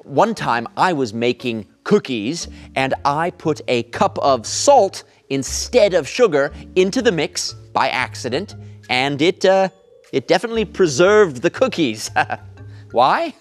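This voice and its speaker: A playful cartoonish detective, put on by a man, who tells a slow, folksy joke and laughs at it. His pitch swoops all over as he draws out every word. Soft music plays underneath. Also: very animated. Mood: jokey. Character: jokey male detective character. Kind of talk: scripted comic segment.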